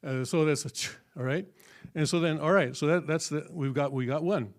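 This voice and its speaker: Speaking fairly quickly in a fairly high voice, a man teaches a class in a church hall. He is a church teacher who explains things patiently, one step at a time, with lots of fillers and regular check-ins with the audience.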